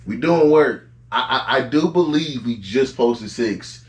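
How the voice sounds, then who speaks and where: A man hosts a casual podcast, talking in loose slang and getting animated as he tells stories. His voice sits at a middle pitch. The room around him rings with echo. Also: measured pace. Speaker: podcast host.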